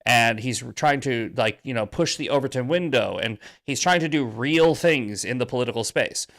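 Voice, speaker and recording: A man's voice: mid-range voice, normal speed, fairly bright tone. A male podcast co-host talking animatedly and crudely about politics, laughing often. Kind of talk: casual political commentary chat.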